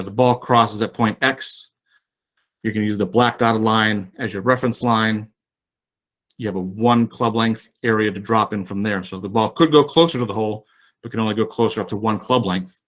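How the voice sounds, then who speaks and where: A man presenting a webinar as a rules official, talking in a relaxed, explanatory way with frequent fillers and restarts. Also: lowish voice, normal speed. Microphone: online webinar mic.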